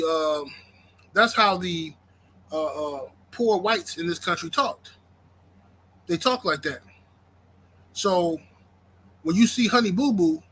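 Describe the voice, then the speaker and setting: Bright-voiced man ranting on a livestream. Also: high voice, rough recording. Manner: ranting, repeats himself, reads chat aloud. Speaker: YouTube livestream host. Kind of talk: casual livestream rant.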